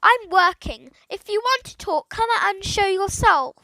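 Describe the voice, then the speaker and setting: A woman's voice: sits high, expressive, measured pace, pushed and bright, dry recording, heavily acted. Woman voicing a spirited, puzzled schoolboy. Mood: shouting. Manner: exclaiming, indignant.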